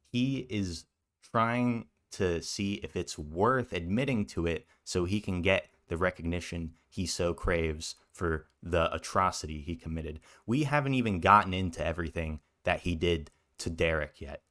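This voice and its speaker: A man with a low, fairly bright voice talks at normal speed while hosting a commentary video. Indignant and insistent, he swears and keeps circling back to the same points.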